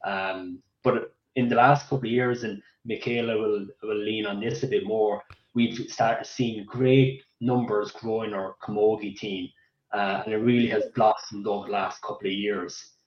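Guest spot: Irish man from Cork, casual and halting, roomy muffled sound. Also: lowish voice, fairly even intonation. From Ireland. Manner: chatty, hesitant with many fillers. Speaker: radio guest. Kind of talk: casual radio interview.

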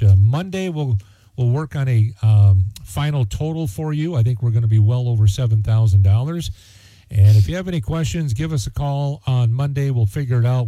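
A man's voice: on the low side, dark tone, no echo. A man hosting a local radio charity auction, reading out winning bids in a folksy, chatty way with plenty of fillers. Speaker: radio host.

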